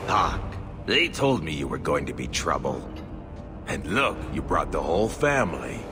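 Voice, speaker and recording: An actor playing a menacing male criminal boss in a video game, speaking with a cold, mocking calm. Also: extremely low pitch, normal speed. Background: game music.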